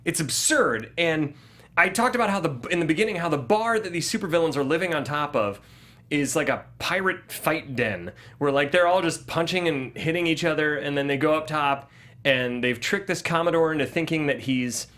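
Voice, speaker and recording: Animated man recapping a movie. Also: a little high, normal speed. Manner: animated, mimics characters' lines while recapping. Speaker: podcast co-host. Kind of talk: casual movie review chat.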